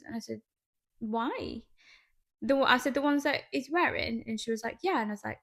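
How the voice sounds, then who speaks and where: Brit woman podcast host, kinda high voice, chatty storytelling, does all the voices in her story. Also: fairly quick, creaky. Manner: animated storytelling, breaks into laughter, acts out dialogue. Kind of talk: casual storytelling chat.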